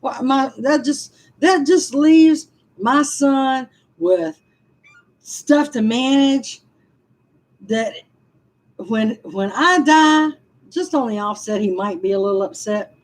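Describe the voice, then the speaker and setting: A woman's voice: sits high, slow, long pauses, rough recording. A woman, venting frankly to viewers on a casual livestream and answering their comments with laughing asides. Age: 60s. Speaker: livestream vlogger reading comments.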